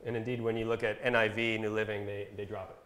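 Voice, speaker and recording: A man presenting a Bible translation workshop, explaining step by step in a casual instructional style with fillers, and reading verses slowly. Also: lowish voice, little pitch movement, fairly bright tone. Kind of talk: casual instructional talk with screen demo. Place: talk given at a camp session. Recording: echoey room sound.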